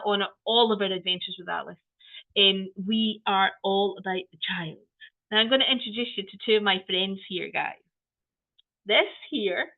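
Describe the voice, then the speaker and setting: A woman giving an online training talk on children's play, animated and playful, often exclaiming. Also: mid-range voice. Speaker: early-years play trainer. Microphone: video call. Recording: tinny video-call audio.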